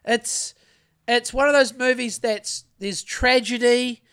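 A man's voice: very high voice, steady tone, slow, a bit bright, clean tone. A middle-aged man, hosting a podcast and telling rambling, sweary stories in a laid-back way. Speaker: podcast host. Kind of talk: casual chat.

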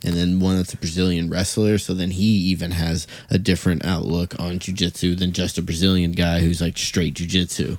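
A man's voice: sits low, level tone, brisk, hardly any pauses, darkish tone. A young man in casual chat, talking in a loose, rambling, easygoing way.

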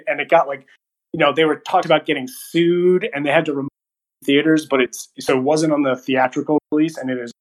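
A young man co-hosting a movie podcast, telling the story in a casual, animated way, acting out quotes and laughing often. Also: on the high side, a little fast, low-quality recording. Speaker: podcast co-host reviewing movies. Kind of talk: casual chat.

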